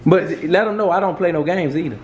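A young man hosting a home vlog, loudly teasing and playfully scolding the people around him. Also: high voice, fast. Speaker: vlogger host. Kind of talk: casual chat. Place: at home, indoors. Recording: noisy room with people around. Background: people chattering.

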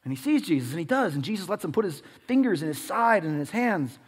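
Male pastor, sermon, somewhat high voice, dramatic loud-to-hushed dynamics, long church-hall reverb. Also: big pitch swings, fast, breathy edge. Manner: dramatic swings between loud and hushed delivery.

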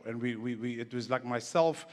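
A man's voice: medium pitch, moderate pace. A man giving a stage talk, telling loose stories with laughter and frequent stumbling restarts. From South Africa. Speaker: guest speaker. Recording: echoey hall.

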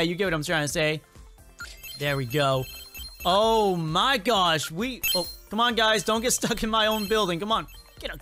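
A young man hosting a gaming video, giving excited play-by-play commentary and crooning over every good pickup. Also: sits high. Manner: hyped, croons "oh yeah, baby" at loot.

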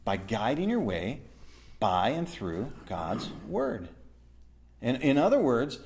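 Animated man teaching a Bible study. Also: medium pitch, takes it slowly, gravelly, a little hiss or hum. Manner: animated, asks the listeners questions; reads verses aloud and explains them.

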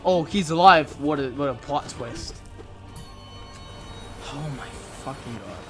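A young man commentating while playing a video game, excitable and swearing, swinging between low mutters and loud outbursts. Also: slow pace, music in the background. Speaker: gaming video creator. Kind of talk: let's play commentary.

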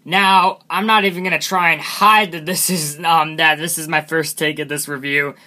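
A man's voice: on the high side, fairly even intonation, normal speed, pushed and bright. A man hosting his own channel, casually reviewing a character from his animation, self-deprecating and often restarting his sentences.

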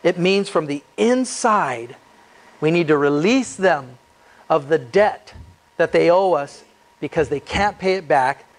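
A pastor with a slightly raised pitch preaches in a church. He moves between reading scripture and relaxed, joking asides. He keeps asking his listeners rhetorical questions. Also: a little slow. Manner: reads scripture then adds casual, joking asides. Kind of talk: expository sermon.

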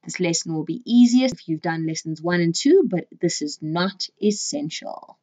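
A woman's voice: on the low side, expressive, normal speed, warm tone. A woman teaching a beginners' language lesson, patiently repeating each word so learners can say it with her. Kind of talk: slow, clear language lesson. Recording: slightly dull, muffled audio.

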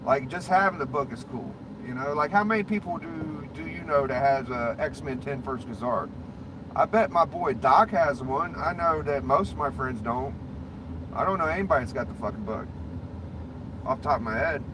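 A man's voice: medium pitch, normal speed. A man ranting and chatting casually on a stream, profane, rambling and blunt. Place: inside a car. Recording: clear road and engine noise.

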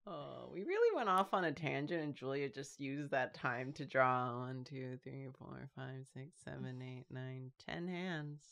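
A woman's voice: rumbling low, lively intonation, a little slow, creaky, few pauses, a bit bright. A woman hosting a drawing show, chatting casually and teasing her co-hosts with frequent laughter. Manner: laughs often, playful teasing. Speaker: show host. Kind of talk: casual chat while drawing.

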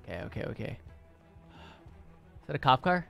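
A man's voice: mid-range voice, big pitch swings, brisk, creaky, faint music behind. A young man streaming a game for the first time, talking to himself and chat, swearing and yelping in panic. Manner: panicky, swearing, yelps and shouts when startled. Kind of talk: live gameplay commentary.

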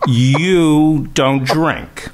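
A man's voice: a little high, extremely slow, background noise. A man hosting an interview, eagerly jumping in and interrupting his guest to check details of the story. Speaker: podcast host. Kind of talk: casual interview chat.

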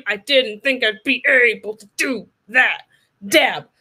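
A woman's voice: a little high, slow, bright, forceful tone, rough recording. A woman streaming a video game, joking and teasing as she plays, with sudden silly voices. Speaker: streamer playing a goose game. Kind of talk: playful let's-play commentary.

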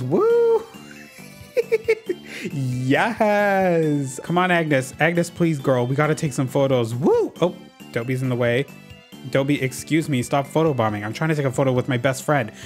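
A gaming YouTuber giving casual let's-play commentary, excitable and dramatic, using lots of slang and talking to the characters on screen. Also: medium pitch. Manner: talks to game characters while playing.

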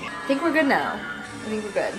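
A woman's voice: mid-range voice, huge pitch swings, normal speed, music in the background. A young woman talking casually to camera in a chatty, giggly, self-mocking way. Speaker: YouTuber. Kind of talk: casual vlog bloopers.

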